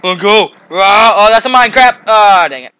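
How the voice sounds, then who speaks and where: A man playing a video game and commenting, excitable, often shouting and taunting the enemies on screen. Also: high-pitched, normal speed, clear, resonant tone, dry recording, rough recording. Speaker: gamer. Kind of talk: let's play commentary.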